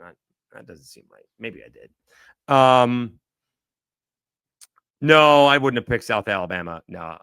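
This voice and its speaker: A man's voice: mid-range voice, a bit bright, no echo, clean studio sound. A man hosting a sports podcast alone, talking casually and rambling, often correcting himself as he thinks aloud. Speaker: podcast host. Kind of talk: casual solo sports talk.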